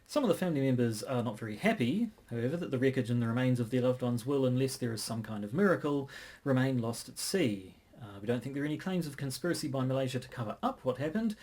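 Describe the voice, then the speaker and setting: A man co-hosting a casual podcast, measured and hesitant, often restarting his sentences. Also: medium pitch, animated, darkish tone. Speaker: podcast co-host.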